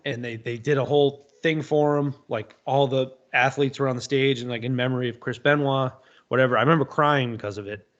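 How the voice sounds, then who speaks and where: A man's voice: mid-range voice, fairly even intonation, fairly quick, fairly bright tone. Casual male podcast guest, loose storyteller who swears a lot, slightly dull lo-fi sound. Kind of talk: casual chat.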